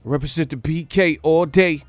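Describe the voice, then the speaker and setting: A man's voice: fairly high pitch, normal speed, no echo, soft background music. A man hosting a live boxing commentary stream, talking loosely with profane street slang and lots of repeats. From United States.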